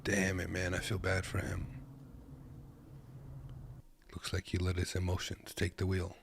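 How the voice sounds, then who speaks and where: A man's voice: sits low, monotone, a little slow, background noise. A man from Kazakhstan who drives trucks, giving laid-back, joking reaction commentary from his desk. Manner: laid-back, joking, talks to viewers as "boys".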